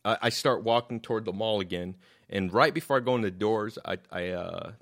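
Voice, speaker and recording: A man with a very low, deep voice tells a story casually into his own microphone. He gets animated, swears freely and stumbles over repeated words when he is worked up. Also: a little fast. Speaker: guest telling a story.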